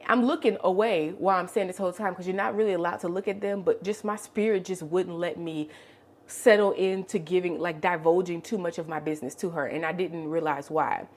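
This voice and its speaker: A woman's voice: on the low side, steady tone, fairly quick. A woman in her late twenties, vlogging and telling an emotional personal story, with many "like" fillers. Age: 20s. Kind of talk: storytime while cleaning.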